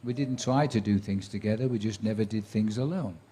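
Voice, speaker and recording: Fairly low-pitched and mellow with a breathy edge, this man's voice moves briskly as he, a sports commentator in his seventies, tells career stories to a live audience. He chats like a raconteur, acting out quoted voices with dry wit.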